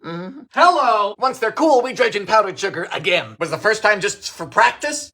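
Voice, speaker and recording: Lively sarcastic young man cooking. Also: high voice, moderate pace. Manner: dry, sarcastic quips with sudden shouted outbursts. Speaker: vintage recipe baking show host. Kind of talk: comedic cooking narration.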